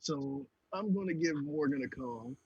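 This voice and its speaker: A man's voice: a little high, normal speed, a little mellow, breathy edge, dull audio. A man playing a tabletop role-playing game, casually speaking his character's actions and lines aloud. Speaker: player.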